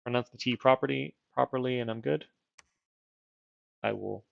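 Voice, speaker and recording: Gravelly casual male game streamer. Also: medium pitch, normal speed, no room sound, lo-fi sound. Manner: rambling, self-deprecating, thinks aloud. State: wearing dental retainers. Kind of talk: casual game livestream chat.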